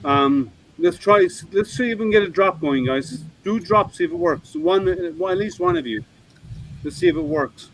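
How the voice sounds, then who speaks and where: A man's voice: sits high, very animated, normal speed, poor audio. Rambling man hosting a livestream. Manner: rambling, thinking aloud with many ums. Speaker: livestream host. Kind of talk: casual livestream chat.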